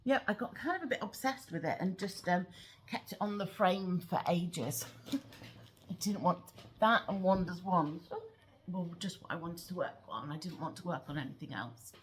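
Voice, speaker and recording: Lowish woman rambling on about her stitching projects, um-ing a lot, bit of background hiss. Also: animated, moderate pace. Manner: chatty, rambling, many ums. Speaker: cross-stitch vlogger. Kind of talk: casual show-and-tell chat. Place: at home.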